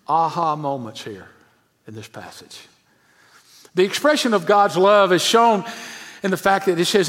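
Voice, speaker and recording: Male pastor, high voice, emphatic sermon with hushed drops, long reverb in a church. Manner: emphatic preaching, often dropping to a hushed low voice.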